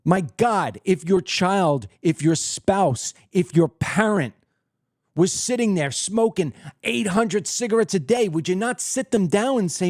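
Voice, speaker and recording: A man hosting his own political commentary show, delivering a heated monologue in a blunt, combative way that swings between loud outbursts and low, threatening tones. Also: expressive, unhurried, no room sound, clean studio sound.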